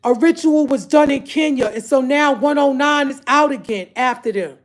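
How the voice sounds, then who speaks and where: A woman's voice: high voice, normal speed. A woman vlogger talking straight to her viewers in an emotional, exasperated rant, repeating herself and calling them y'all. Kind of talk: emotional direct-to-camera rant.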